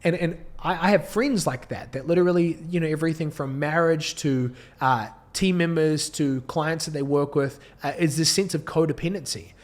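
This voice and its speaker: A man's voice: a little high, normal speed, few pauses. A man in his thirties with a New Zealand accent, speaking to camera as a business coach in an earnest, preachy way, often restarting his sentences. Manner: earnest, preachy, with frequent restarts and light laughs. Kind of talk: direct-to-camera motivational talk. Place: indoor filming setup.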